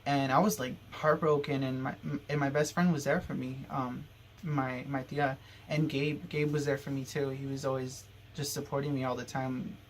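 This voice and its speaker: A young man recounts a painful personal story for his vlog, rambling and restarting as he goes. His voice sits at an ordinary pitch. A faint hiss of noise sits under the recording. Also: level tone, normal speed. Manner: rambling, emotional, many fillers and restarts. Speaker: vlogger.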